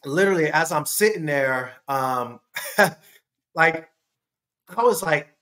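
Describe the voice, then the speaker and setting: A man telling a story as a podcast guest, animated and laughing, jumping in pitch to act out quotes. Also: takes it slowly. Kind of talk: casual storytelling.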